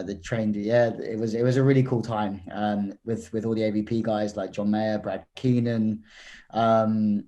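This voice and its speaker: An English man in his thirties talks easily on a podcast, loose and chatty. His voice sits a little low. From England. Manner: relaxed, chatty, laughs easily. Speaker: guest commentator and coach. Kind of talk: casual podcast chat.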